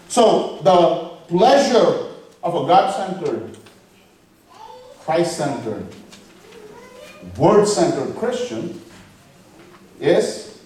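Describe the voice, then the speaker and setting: A man delivers a sermon, putting questions to his listeners and quoting scripture as he goes. His voice sits a little high. It rings through a very echoey space, picked up from some way off the microphone. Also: darkish tone, slight background noise. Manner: preaching with rhetorical questions and scripture quotes. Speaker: pastor. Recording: echoey room, voice from far off the mic.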